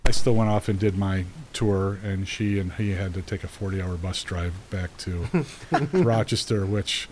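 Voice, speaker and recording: Middle-aged man, lowish voice, casual rambling storyteller who laughs easily. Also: measured pace, noisy background. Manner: chatty, rambling, laughs as he talks. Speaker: guest telling a story.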